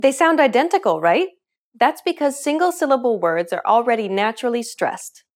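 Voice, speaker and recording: A woman narrating a scripted language lesson, explaining clearly and upbeat, asking the learner questions. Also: on the high side, expressive, moderate pace. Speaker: language teacher.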